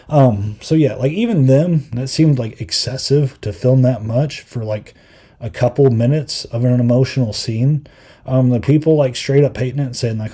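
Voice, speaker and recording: A man's voice: medium pitch, normal speed, mellow, slightly rough. A young man hosting a podcast, chatting casually and rambling with lots of fillers while acting out quotes. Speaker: podcast host. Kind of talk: casual review chat.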